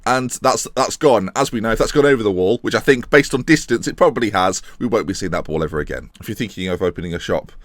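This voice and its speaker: A man's voice: on the low side, fast, few pauses, dry recording. A man giving jokey, rambling football-game commentary in the manner of a pundit. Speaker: gaming commentator. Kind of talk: casual Let's Play commentary.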